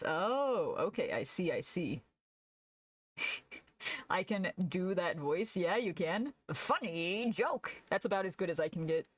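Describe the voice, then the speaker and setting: A woman's voice: lowish voice, no room sound. A young woman streamer chatting casually while she draws, laughing often and answering her chat aloud.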